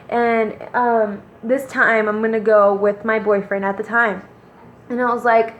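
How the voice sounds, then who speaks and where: A young woman casually telling a story to her viewers, animated and slangy, calling them "girl". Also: a little high, normal speed, lo-fi sound. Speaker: vlogger. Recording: roomy echo.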